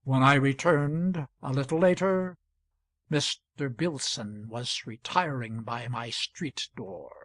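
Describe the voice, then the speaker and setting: A man's voice: medium pitch, takes it slowly, fairly bright tone, dry recording, voice pushed down. A man reading as an earnest townsman pleading his case. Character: male townsman defending himself before a hall. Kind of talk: audiobook reading.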